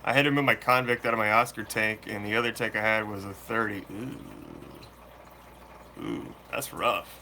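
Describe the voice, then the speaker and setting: A man hosting a fishkeeping channel, chatting casually and answering viewer questions live in a relaxed, slangy way. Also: lowish voice, fast talker, hardly any pauses, slight background noise. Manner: laid-back, slangy, chatty. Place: room full of fish tanks.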